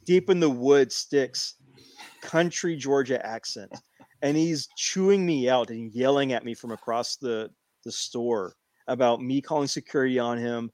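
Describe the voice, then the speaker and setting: A man in casual chat, animated and repeating phrases as he tells a long story. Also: mid-range voice, measured pace, no room sound. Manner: animated, repeats himself while telling a story.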